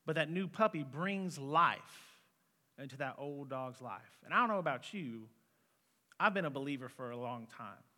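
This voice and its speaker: A man's voice: mid-range voice, lively intonation, normal speed, sharp tone. A man in his twenties preaching an earnest, conversational sermon as a student pastor in a church hall. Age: 20s. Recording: long reverb of a hall.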